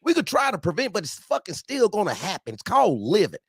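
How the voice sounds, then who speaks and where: Heated high-voiced ranting man. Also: huge pitch swings, fast, vocal fry, breathy edge, dry recording, clean studio sound. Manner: angry, swearing, repetitive outbursts. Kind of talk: heated profane rant.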